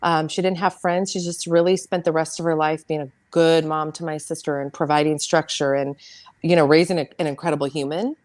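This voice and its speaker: A middle-aged American woman, a podcast guest, telling a painful family story in an earnest, halting way, repeating words as she goes. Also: low-pitched, steady tone, darkish tone, no echo. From United States. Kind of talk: emotional personal storytelling.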